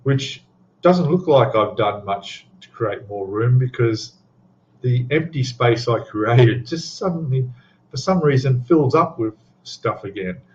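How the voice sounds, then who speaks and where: A man's voice: mid-range voice, lively intonation, measured pace, muffled recording. A man hosting a live stream about scale models, chatting casually in a rambling, self-deprecating way with lots of ums and trailing asides. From Australia. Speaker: scale modeling livestream host. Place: home hobby room.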